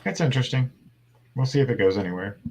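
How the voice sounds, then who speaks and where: A man's voice: mid-range voice, fast talker, darkish tone, low-quality recording. A man in his thirties in casual chat as a co-host, laid-back and rambling, with dry sarcasm. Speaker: podcast co-host.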